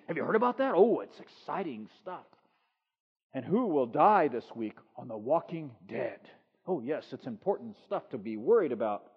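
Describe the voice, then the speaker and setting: A man's voice: high-pitched, slightly rough. A male pastor preaching a sermon, hammering points with repeated phrases and rhetorical questions. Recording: reverberant hall, dull lo-fi sound.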